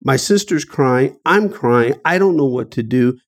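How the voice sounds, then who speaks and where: An expressive, unhurried male voice belongs to a middle-aged guest author from Dayton, Ohio. During the interview he tells a personal story with earnest emotion, rising in pitch at the painful parts.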